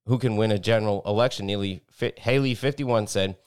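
A man's voice: fairly low pitch, a little fast, smooth. A man co-hosting a podcast, reading news articles aloud with blunt, profane asides and stumbling over a few words as he reads. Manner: blunt, profane asides between read passages. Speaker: podcast co-host.

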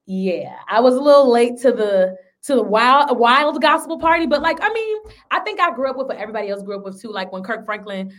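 A young adult woman and singer, a guest chatting casually and animatedly on a podcast, moving between loud bursts and softer asides. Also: on the high side, fairly quick, hardly any pauses. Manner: animated, expressive, swings between loud and soft. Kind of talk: casual interview chat.

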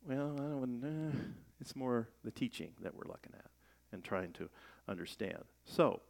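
A man's voice: medium pitch, lively intonation, a little slow, vocal fry, darkish tone. A middle-aged man preaching a sermon in a conversational way, asking rhetorical questions and raising his voice for emphasis. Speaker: pastor.

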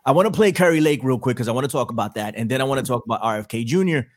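Rambling podcast host, wry and loose. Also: male voice, medium pitch, racing. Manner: rambling, restarts, wry asides. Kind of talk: casual political podcast chat.

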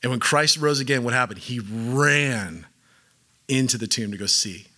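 A man's voice: medium pitch, moderate pace, pushed and bright. A man preaching a casual sermon, talking conversationally with lots of "like" fillers and acting out quotes as he goes.

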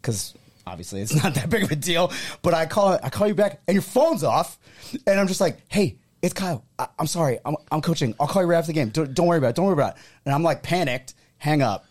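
A man hosting a sports podcast in easy banter with his co-host. His pitch rises and falls a great deal as he acts out what people said. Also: fast. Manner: animated storyteller, acts out quotes.

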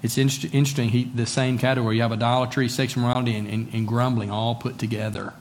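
A male pastor preaching in an easy, conversational manner, often turning to his congregation with rhetorical questions. He repeats key words for emphasis, his voice sitting at an ordinary middle pitch. A faint hum sits underneath. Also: level tone, quick pace, darkish tone. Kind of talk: sermon.

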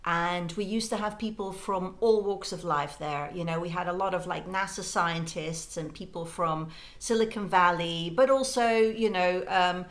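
Animated woman guest telling anecdotes. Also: on the low side, moderate pace, few pauses. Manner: animated anecdotes with playful put-on quotes. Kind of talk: casual chat.

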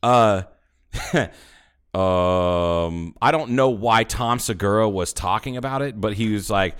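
A man's voice: fairly low pitch, slow, clear, resonant tone. A man co-hosting a casual podcast chat, swearing freely and rambling through stories he acts out. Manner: profane, rambling storyteller who acts out quotes. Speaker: podcast co-host.

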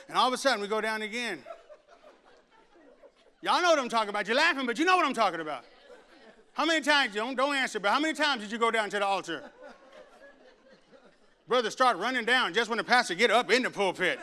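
Male preacher, middle-aged, high ringing voice, animated, shouts at the peaks. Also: a little fast. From Arkansas. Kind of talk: sermon.

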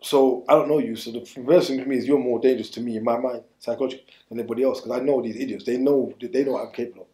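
A man's voice: medium pitch, fairly even intonation, racing, mellow, reverberant. A man telling his story bluntly in street slang during an interview, rambling and restarting as he goes. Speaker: interview guest.

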